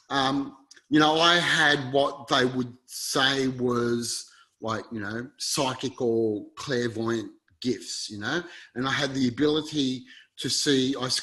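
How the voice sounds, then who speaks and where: Man, interview guest, earnest rambling storyteller, mid-pitched voice. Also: fairly even intonation, measured pace, bright, forceful tone, rough recording. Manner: earnest, rambling, acts out quoted dialogue.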